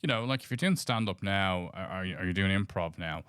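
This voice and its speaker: A man in his late forties co-hosting a podcast, telling meandering anecdotes with halting restarts. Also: low-pitched, lively intonation, fairly bright tone, smooth, no echo, clean studio sound. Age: late 40s. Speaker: podcast co-host. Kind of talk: casual storytelling chat.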